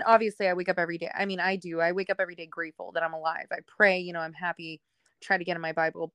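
A woman's voice: on the low side, clear, resonant tone, no echo, studio quality. A young woman telling her life story candidly in a casual podcast chat, laughing often and acting out what others said. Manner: candid, laughs often, acts out quoted people. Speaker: podcast guest.

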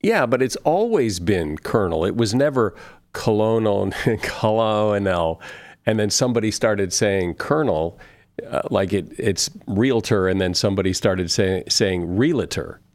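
A man's voice: lowish voice, animated, moderate pace. A man hosting a casual chat, good-humored and stubborn about word pronunciations, often chuckling. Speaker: podcast host.

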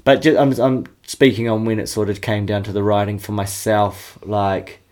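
A man's voice: fairly low pitch, little pitch movement, normal speed, darkish tone. A man in casual podcast chat, laid-back, swearing freely and laughing often as he tells stories.

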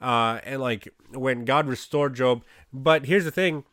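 A man's voice: mid-range voice, normal speed, few pauses, a bit bright, no echo, studio quality. A man telling a casual faith testimony, rambling and packed with "you know, like" fillers. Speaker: Christian speaker.

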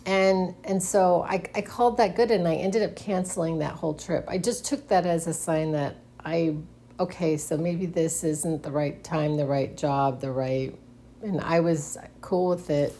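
A woman's voice: low voice, steady tone, measured pace, warm tone, slight background noise. A middle-aged woman hosting a casual solo monologue, speaking hesitantly with frequent restarts and nervous giggles. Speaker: podcast host.

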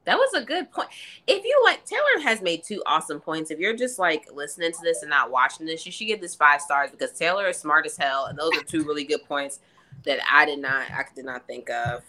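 A woman's voice: low voice, animated, a little fast, bright, forceful tone. A woman co-hosting a podcast, joking with enthusiasm. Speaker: podcast co-host. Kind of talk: casual chat.

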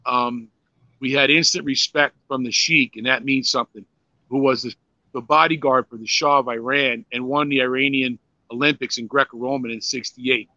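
A man's voice: medium pitch, steady tone, normal speed, sharp tone, no room sound. An older man, a former pro wrestler, telling rambling, profane stories in a casual interview, full of "you know"s and restarts. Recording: dry, slightly dull lo-fi sound.

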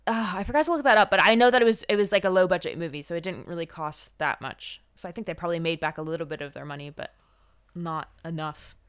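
Young woman, podcast co-host, casual film review, smooth clear voice, chatty, halting. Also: lowish voice, no echo, clean studio sound. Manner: chatty, halting, laughs often.

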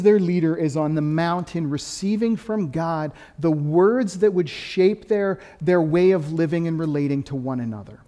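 A pastor preaching a sermon, lively and conversational, swinging between quick, louder stretches and soft, dropped emphasis. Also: male voice, on the high side, in a large hall. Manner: animated preaching, rising and dropping to quiet emphasis.

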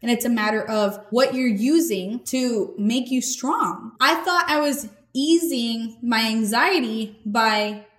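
A woman's voice: fairly high pitch, slow pace. A woman hosting a podcast, giving a casual, earnest faith talk in a conversational, slangy way. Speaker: podcast host. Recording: echoey room.

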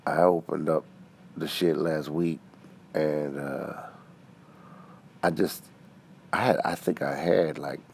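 A man calling in to a casual show, rambling and halting, cursing offhandedly. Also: very deep voice, steady tone, gravelly, a little hiss or hum. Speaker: caller. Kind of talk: casual chat.

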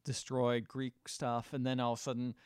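A man's voice: monotone, moderate pace, clean tone, no room sound. A man co-hosting a podcast, recapping a film in casual chat, rambling and joking, dry close mic. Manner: rambling, jokey, acts out lines in high silly voices. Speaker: podcast co-host.

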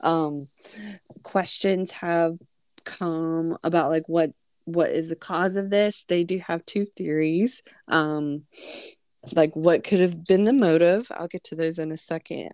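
Brief: woman podcast co-host, low mellow voice, chatty and loose, dry close sound. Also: dry recording. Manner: chatty, summarizing news with fillers. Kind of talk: casual podcast chat.

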